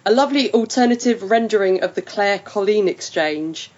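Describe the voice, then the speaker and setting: A woman co-hosting a podcast in a relaxed, chatty way, laughing often. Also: mid-range voice, moderate pace. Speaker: podcast co-host. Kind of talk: casual chat. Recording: slightly muffled lo-fi audio.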